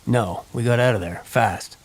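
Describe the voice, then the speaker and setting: A man's voice: mid-range voice, normal speed, a little hiss or hum, natural voice. A man voicing a weary terse young outlaw. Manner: grumbling, terse. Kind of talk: audiobook character voice.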